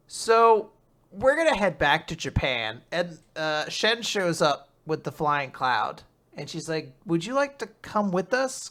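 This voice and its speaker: A young man casually recapping a manga chapter, acting out the characters in quick voices and laughing often. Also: a little high, fairly bright tone. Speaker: podcast host recapping manga. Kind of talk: casual chat.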